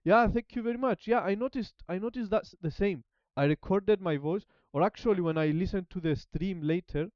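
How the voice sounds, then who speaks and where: A man chatting casually as a language-learning streamer, halting and repeating words while he searches for them. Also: high voice, smooth, dry recording, highs cut off. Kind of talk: casual rambling chat.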